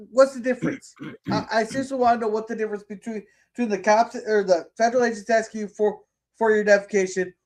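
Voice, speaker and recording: Indignant swearing podcast host, a man. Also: sits high. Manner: indignant, swearing, stammering restarts. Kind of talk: heated casual political chat.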